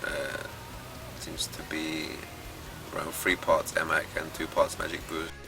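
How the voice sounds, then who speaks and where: A man breaks down a game match in methodical live commentary, hesitating as he works through the details. His voice is deep and level, with little rise and fall. Music runs behind him. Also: monotone, measured pace, vocal fry. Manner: analytical, methodical, with hesitations and fillers. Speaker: esports commentator. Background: background music.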